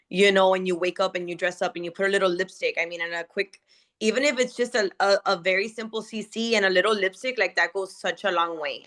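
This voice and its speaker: Bright-voiced animated woman consultant. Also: mid-range voice. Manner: animated, lots of fillers and restarts. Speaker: beauty consultant. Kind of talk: casual chat.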